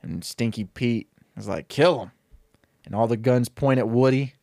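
A young man casually pitching a comedic story, rambling and acting out the characters' lines. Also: moderate pace, creaky, dark tone, no room sound, clean studio sound.

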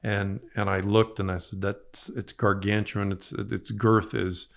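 A man's voice: fairly low pitch, flat delivery, measured pace, vocal fry. An older man telling rambling fishing stories in a casual interview, repeating his words as he goes. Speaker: fishing guide guest.

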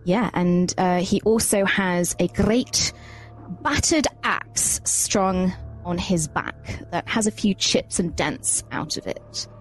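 A woman's voice: on the low side, takes it slowly, soft background music. A woman player in a tabletop game, chatty and hesitant with lots of fillers.

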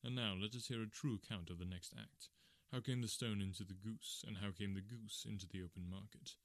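Man as Sherlock Holmes, stern and quiet. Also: lowish voice, fairly even intonation, brisk, dry recording. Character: calm, stern middle-aged male detective. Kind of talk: audiobook character reading.

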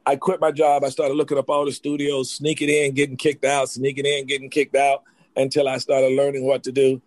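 Fast-talking excitable man telling stories. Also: medium pitch, no room sound. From North Carolina. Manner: rapid, excitable, jumps back and forth with restarts. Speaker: actor telling his life story. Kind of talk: animated storytelling interview.

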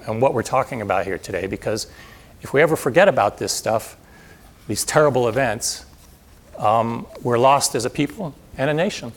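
A man reading a historical account in a measured, dramatic way, then addressing an audience. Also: mid-range voice, creaky. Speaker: speaker reading historical narration.

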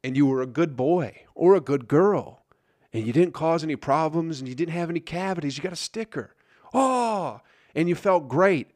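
A man's voice: a little high, animated, moderate pace, a little mellow, dry recording. A man hosting a solo podcast, ranting in a grumpy, sarcastic, profane way. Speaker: podcast host.

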